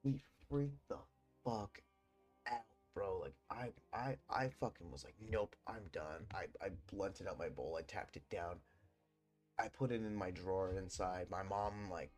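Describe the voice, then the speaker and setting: A young man hosting a podcast, rambling through a personal ghost story with lots of swearing and fillers. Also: low-pitched. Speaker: podcast host. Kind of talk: casual storytelling.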